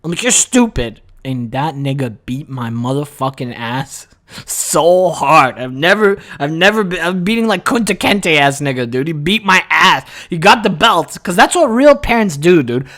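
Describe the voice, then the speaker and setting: Young dude doing a crude comedy rant, brash and boastful, voice swings up and down a lot. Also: male voice, high voice, fairly bright tone. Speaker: comedy vlogger.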